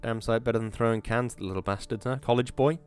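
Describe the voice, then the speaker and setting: A man voicing a loud, taunting male factory foreman who barks his orders. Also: mid-range voice, steady tone, quick pace, faint music behind, natural voice. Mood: bossy.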